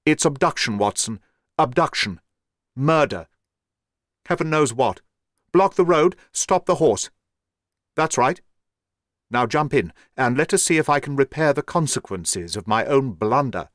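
Male reader playing a brisk detective with quick, clear speech in a dry, close recording. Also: medium pitch, lively intonation, fairly bright tone, no echo. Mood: urgent.

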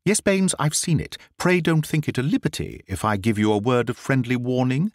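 A man voicing a brisk, confident Victorian gentleman detective in a storybook reading, with a crisp, assured manner. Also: mid-range voice, lively intonation, no echo, studio quality, lightly acted.

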